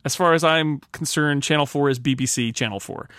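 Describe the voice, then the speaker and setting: A man's voice: fairly high pitch, fairly quick, fairly bright tone, clean tone, dry recording, studio quality. A man from the United States hosting a casual panel chat, ranting in jokey mock-pompous bursts with laughs. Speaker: podcast host.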